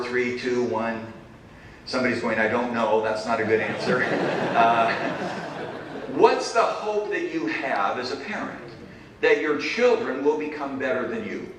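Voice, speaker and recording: A man's voice: mid-range voice, fairly bright tone. Middle-aged male keynote speaker, punchy phrasing and dry wit, distant mic in a big reverberant hall. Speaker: keynote speaker, business professor. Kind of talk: conference keynote talk. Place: large conference hall. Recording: echoey hall, distant mic, faint noise.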